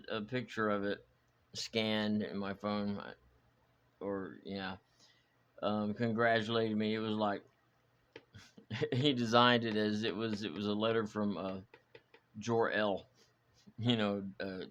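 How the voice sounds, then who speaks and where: A man chatting in a reflective, wandering way, full of fillers and restarts, as the host of a hobby vlog. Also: on the low side. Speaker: channel host, hobby model builder. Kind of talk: rambling personal vlog chat.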